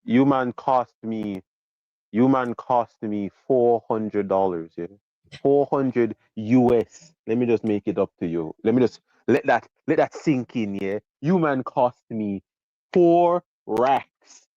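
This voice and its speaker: A man's voice: mid-range voice, slow pace, dark tone, no echo, highs cut off. A man calling in to a football stream and ranting about a lost bet, hammering each point with a repeated "yeah?".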